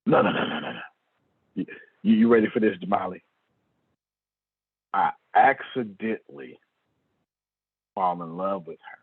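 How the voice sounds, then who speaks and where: A man speaking to an audience, telling a story in a lively way, calling on listeners by name and acting out what people said. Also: sits low, a little slow, long pauses, breathy edge, no room sound. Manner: lively, calls on listeners by name, acts out quoted lines. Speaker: motivational speaker. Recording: tinny phone-like sound.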